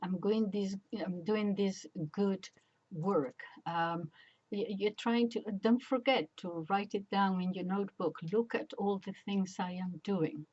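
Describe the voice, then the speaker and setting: A woman giving a casual religious commentary, hesitant and reflective with many pauses and fillers. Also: medium pitch, steady tone, darkish tone, muffled recording. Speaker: catholic commentator.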